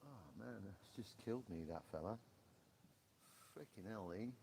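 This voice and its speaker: Gravelly, animated British man. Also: on the low side, moderate pace, noisy background. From Britain. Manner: laughs often, swears, excitable outbursts. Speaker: livestream host. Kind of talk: casual chat. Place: porch, outdoors.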